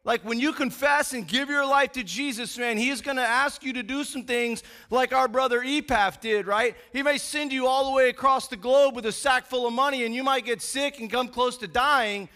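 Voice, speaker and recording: High bright-voiced man preaching casually. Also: normal speed, few pauses. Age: adult father of young boys. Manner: animated, folksy, peppered with "man" and "right?". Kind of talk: casual conversational sermon.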